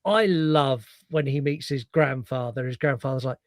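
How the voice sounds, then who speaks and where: Animated man, dry close mic. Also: fairly high pitch, fairly quick, few pauses, no room sound. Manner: animated, swears freely, acts out scenes. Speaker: podcast co-host. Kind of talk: casual film review chat.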